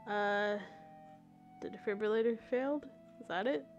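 A woman's voice: mid-range voice, moderate pace, dull audio, faint music behind. A young woman live-streaming a game, giggling often, rambling, and reading the game text aloud.

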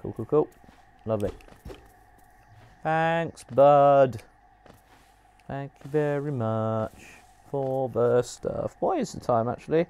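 A man hosting a live game stream, chatting and reacting with animated, laugh-prone commentary. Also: mid-range voice, slow, long pauses. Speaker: streamer host.

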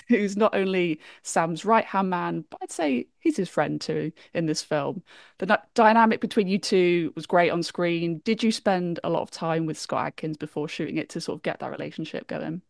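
A woman's voice: fairly low pitch, normal speed, creaky, dry recording, studio quality. A woman hosting an interview, asking questions in a friendly, encouraging way. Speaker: interviewer host.

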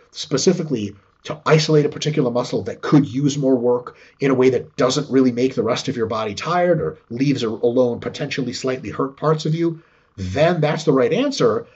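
Husky, animated man swearing freely. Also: medium pitch. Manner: profane, animated, acts out quotes. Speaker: guest expert. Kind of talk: casual explanatory chat. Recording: dull lo-fi sound.

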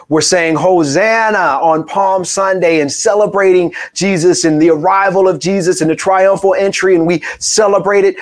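A male pastor preaching with a high, lifted voice. He tells stories with animation and acts out each quoted voice. He sounds like he is speaking from a church pulpit. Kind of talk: sermon.

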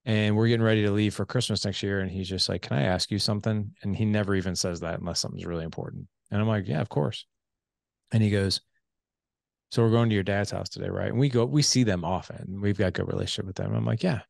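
A man in his forties, a podcast host, telling a personal story in casual conversation and acting out the dialogue with lively voices. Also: fairly low pitch, fast, gravelly, no echo, studio quality. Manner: animated storyteller who acts out quoted dialogue.

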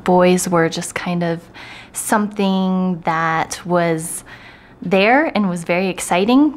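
A woman in her twenties giving a candid documentary interview, soft-spoken and hesitant, with many pauses and fillers. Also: on the low side, slight background noise.

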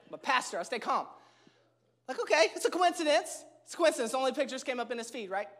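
Male pastor, live church sermon; animated, self-mocking storyteller who repeats key lines for emphasis. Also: extremely high pitch, quick pace. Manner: emphatic repetition. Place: church stage before a live congregation.

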